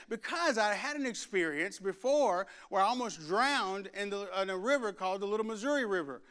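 A man delivering a sermon in a church, moving from a quiet prayer into an animated story told with acted-out voices and rising shouts. His voice sits high and carries a bright, clear ring. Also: a little fast, hardly any pauses. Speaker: preacher. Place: church sanctuary.

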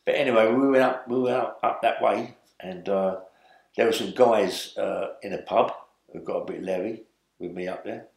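A man's voice: on the low side, moderate pace, gravelly. A man in his seventies from London with a London accent, a guest telling long rambling stories and tagging his lines with "yeah?". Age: 70s. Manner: rambling, tags lines with "yeah?" and "you know what I mean?". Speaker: interview guest. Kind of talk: storytelling interview. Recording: roomy echo.

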